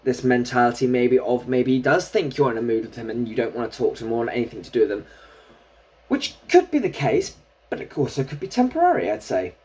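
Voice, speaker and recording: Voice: mid-range voice, big pitch swings, fast talker, darkish tone, breathy edge. Chatty tarot reader. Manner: chatty, thinking aloud while drawing cards. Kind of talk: casual solo tarot reading.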